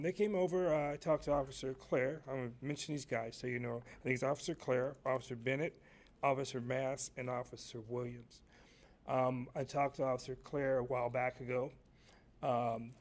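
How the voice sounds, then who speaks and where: A man giving a polite, formal public comment at a city council meeting, with many fillers such as um and uh. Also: mid-range voice. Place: council chamber.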